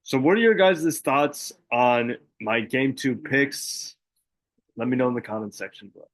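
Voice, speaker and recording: A man's voice: medium pitch, measured pace. A young man hosts a casual sports podcast alone, running through his picks. He rambles a little, leaning on fillers and fixing his words mid-sentence, with an ordinary mid-range voice. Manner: chatty, many fillers and self-corrections. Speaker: podcast host.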